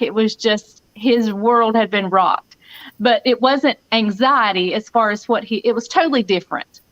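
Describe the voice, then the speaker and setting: A woman's voice: on the high side, a bit bright, low-quality recording. A woman in her fifties with a Southern US accent, giving an earnest personal testimony as a guest and acting out the voices she quotes. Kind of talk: personal testimony in a live chat.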